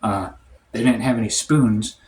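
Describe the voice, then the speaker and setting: A man telling a comic story in a rambling, deadpan way, full of "like" and "um". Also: on the low side, measured pace, a little hiss or hum. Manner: rambling, heavy on "like" and "um". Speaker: storytime comedian. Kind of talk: comedic storytime monologue.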